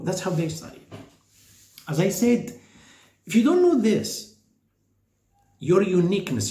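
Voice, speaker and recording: A man lectures on faith in an animated, emphatic way, his voice swinging up and down and often stopping to ask whether you follow. His tone is mellow and somewhat high for a man. The room around him is echoey. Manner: animated, emphatic, with sudden pitch jumps and rhetorical questions. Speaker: speaker on faith and psychology. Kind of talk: informal spiritual lecture.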